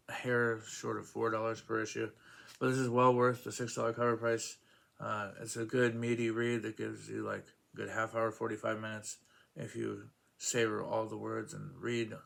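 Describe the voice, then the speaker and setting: A man's voice: on the low side, vocal fry, fairly bright tone. A man casually reviewing comic books, rambling with many fillers and acting out quoted lines in a raised voice.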